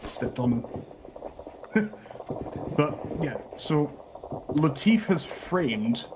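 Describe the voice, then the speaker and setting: A man's voice: a little high, big pitch swings, extremely slow, background noise. A man acting as game master, giving a rambling out-of-character recap of the story and correcting himself as he goes. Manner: rambling, self-correcting explanation.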